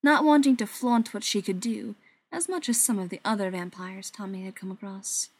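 A woman reading a story aloud in an even, soft narrating voice that sometimes drops to a whisper. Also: medium pitch, normal speed.

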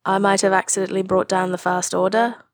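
A woman's voice: mid-range voice, little pitch movement, fast, dry recording, studio quality, lightly acted. A woman voicing a remorseful father brought back to life, who speaks hesitantly with a subdued, bitter edge.

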